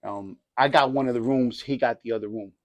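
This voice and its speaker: A man's voice: mid-range voice, fairly quick, dry recording. A man sharing his personal testimony in casual street slang, acting out the dialogue as he tells it, with frequent restarts and "you know what I mean.". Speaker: church group member giving his testimony.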